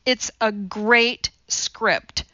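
A woman's voice: medium pitch, animated, slow pace, gravelly, sharp tone, no echo, muffled recording, exaggerated voice. A woman voicing an anxious male TV producer who pleads and frets. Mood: pleading. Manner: pleading, flustered.

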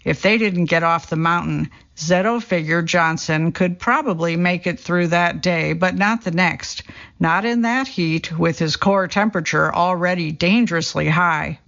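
A gravelly, fry-edged voice reads a true story as scripted narration, keeping a steady storytelling pace and folding the quotes into the same delivery. The recording sounds dull and lo-fi. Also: mid-range voice, unhurried. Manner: steady storytelling read, quoting people in the same voice.

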